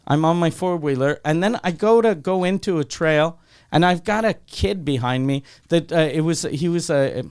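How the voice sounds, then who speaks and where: Smooth-voiced man spinning a wild story. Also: fairly high pitch, normal speed. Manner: animated storyteller who acts out every line of dialogue; swears freely. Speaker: comedian and podcast host. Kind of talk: casual podcast chat.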